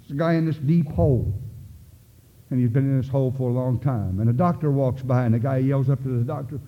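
A man's voice: medium pitch, fairly quick. Older guy sharing his story at a meeting, folksy and plain, sounds like a phone line in a big echoey hall. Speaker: recovery meeting speaker. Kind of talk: personal testimony talk.

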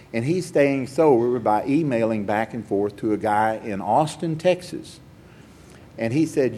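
Older man, low-pitched, recovery meeting speaker, rambling self-mocking stories. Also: darkish tone, slight background noise. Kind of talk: personal testimony talk.

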